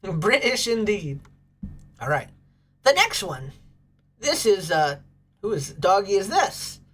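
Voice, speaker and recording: A woman's voice: medium pitch, very animated, slow, breathy edge. A woman hosting a casual livestream, bubbly and gushing as she chats with viewers. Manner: bubbly, gushes over pets and thanks chat. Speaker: livestream host.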